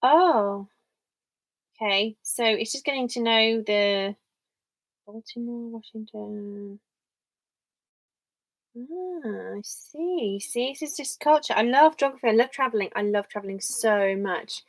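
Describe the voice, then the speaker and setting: A woman's voice: on the high side, slow, long pauses, dry recording, rough recording. A young English woman chatting casually on a live stream from her home office, rambling and thinking aloud as she reads viewer comments.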